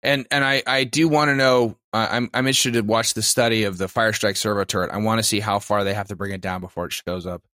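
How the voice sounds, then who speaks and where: A man's voice: fairly low pitch, fairly even intonation, quick pace, few pauses, bright, forceful tone, dry recording, studio quality. A man co-hosting a casual gaming talk show, eager and stammering through restarts. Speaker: podcast co-host. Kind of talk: casual chat about tabletop gaming.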